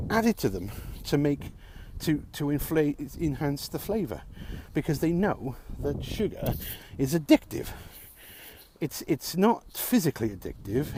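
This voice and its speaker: Man, ranting vlog, frustrated and sarcastic, lively up-and-down pitch, faint hiss behind. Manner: frustrated, sarcastic, swears often. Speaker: vlogger.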